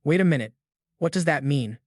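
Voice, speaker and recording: A man's voice: fairly high pitch, animated, a little fast, a little mellow, no echo, studio quality, lightly acted. A man voicing a frightened, pleading young woman. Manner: shaky, pleading.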